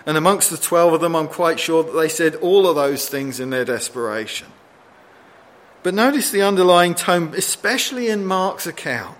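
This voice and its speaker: Expressive male preacher, slightly high voice. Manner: expressive, rising pitch for dramatic quotes, slowing for emphasis. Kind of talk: sermon.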